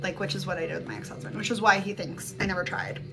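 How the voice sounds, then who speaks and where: A woman with a fairly low, creaky voice speaks at a quick pace and sounds very animated. She's giving a laid-back spiritual reading on a live stream through her phone mic, blunt, rambling and freely swearing, while music plays behind her.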